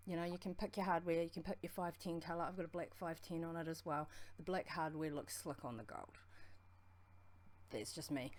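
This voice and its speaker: A woman with a strong New Zealand accent co-hosting a livestream, talking fast in a rambling, friendly way. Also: low voice. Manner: fast, rambling, affectionate shout-outs. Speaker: co-host of a vaping livestream. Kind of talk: casual livestream chat.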